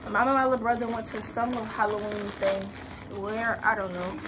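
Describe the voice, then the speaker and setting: Teenage girl, hoarse worn voice, slightly high pitch, breathless, chatty vlog, background noise. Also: steady tone, fairly quick. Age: late teens. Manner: chatty, talks straight to viewers. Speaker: vlogger. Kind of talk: casual vlog chat.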